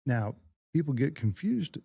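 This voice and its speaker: Mellow folksy middle-aged male podcast host. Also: medium pitch, very animated, unhurried, gravelly, slightly rough, no echo. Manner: folksy, rambling reminiscer. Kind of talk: casual podcast conversation.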